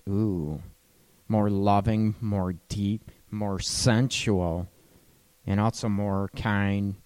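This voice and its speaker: A man's voice: mid-range voice, darkish tone. Guy running a relationship call-in radio show, casual and chatty, laughs a lot, kind of echoey long reverb. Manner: chatty, loose, laughs mid-sentence. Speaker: radio show host and counselor.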